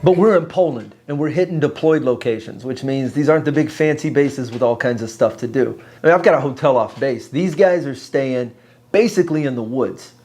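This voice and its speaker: A man's voice: medium pitch, fairly quick, a little mellow. A man hosting a travel vlog, narrating with a wry, joking manner. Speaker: host.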